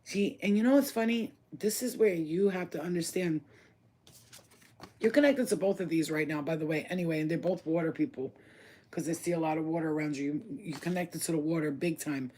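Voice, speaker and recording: Slangy, excitable card reader. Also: mid-range voice, fairly quick. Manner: slangy, profane, excitable, talks straight to the viewer. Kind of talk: casual oracle card reading to camera.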